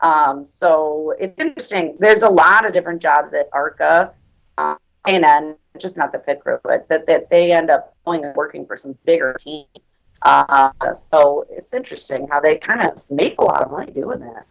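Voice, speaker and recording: A woman's voice: deep voice, normal speed, gravelly. Blunt, chatty woman on a dull line. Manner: chatty, laughs easily, blunt about her dogs. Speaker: podcast guest. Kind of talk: casual podcast chat.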